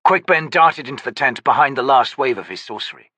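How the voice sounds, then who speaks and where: A man narrates a fantasy audiobook with a bright, husky voice and a lively, expressive melody. His reading is measured and storytelling in manner. The recording is close and dry. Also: mid-range voice, no echo.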